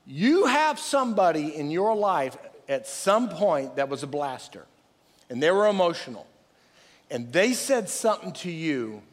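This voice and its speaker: A man preaching a sermon, passionate and loud, joking at his own expense as he improvises. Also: a little high, in a large hall. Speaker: pastor.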